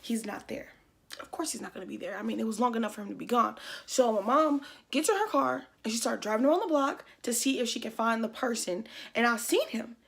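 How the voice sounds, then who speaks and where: A young adult woman chatting to her viewers in a loose, casual story-time vlog. She swears freely and fills her talk with "like" and "um". Her voice sits a little high for a woman. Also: animated, a little fast, gravelly, husky. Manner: chatty, profane, with many fillers. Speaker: YouTuber.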